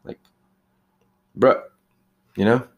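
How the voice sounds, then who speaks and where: A young fast-food worker rants loosely and casually about rude customers in a monologue, swearing freely and peppering his talk with "like" and "you know." The sound is lo-fi.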